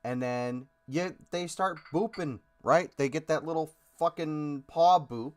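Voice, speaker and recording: A man's voice: fairly high pitch, unhurried. A man co-hosting a podcast, talking bluntly and profanely with a joking edge in a casual chat. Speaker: podcast co-host.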